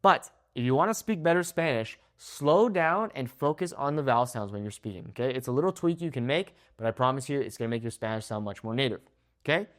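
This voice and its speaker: Lively Spanish teacher drilling words. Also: male voice, mid-range voice. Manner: slow, drawn-out model words, frequent "okay?" check-ins. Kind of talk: pronunciation lesson to camera.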